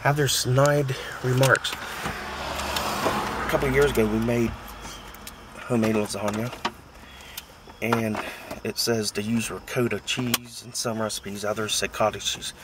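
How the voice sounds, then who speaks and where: A man's voice: mid-range voice, steady tone, unhurried, pauses often, background noise. An American man in his thirties, chatting casually and complaining in a rambling, mocking way. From United States. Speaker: vlogger. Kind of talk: casual chat.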